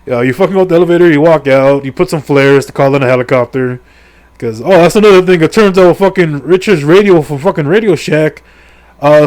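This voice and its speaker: A man's voice: on the high side, fairly quick, darkish tone. Rambling, profane middle-aged man. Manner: rambling, profane, crude jokes, lots of fillers. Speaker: gaming video creator. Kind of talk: casual comedic game story recap.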